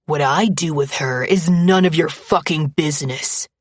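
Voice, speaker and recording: A woman's voice: deep voice, unhurried, breathy edge, no room sound, clean studio sound. A woman voicing a menacing, abusive young man who growls threats and sneers. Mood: snarling.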